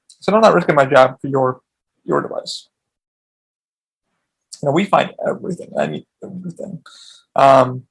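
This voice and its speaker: A man's voice: mid-range voice, quick pace, creaky, pauses often, breathy edge, rough recording. A man hosting his own podcast, telling rambling, profane stories in a casual way. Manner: profane, rambling, with frequent restarts. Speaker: podcast host.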